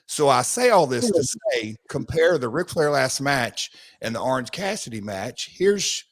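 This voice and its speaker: A man, co-hosting a podcast, telling animated stories and repeating himself as he goes. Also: medium pitch, a little slow, no room sound. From United States. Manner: animated storytelling, rambling with restarts. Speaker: podcast co-host, former wrestler. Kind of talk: casual podcast chat.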